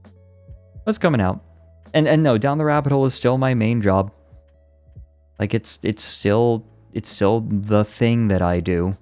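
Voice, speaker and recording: Guy in his twenties on stream, low voice, reading a book then just chatting. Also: measured pace, long pauses, a little mellow, faint music behind. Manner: swears and laughs at the text, chatty. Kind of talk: reading a book aloud, then casual chat.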